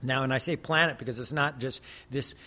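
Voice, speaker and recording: A man's voice: medium pitch, a little fast, pushed and bright. An American man who talks earnestly in casual conversation, preaching with frequent swearing. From United States. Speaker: guest.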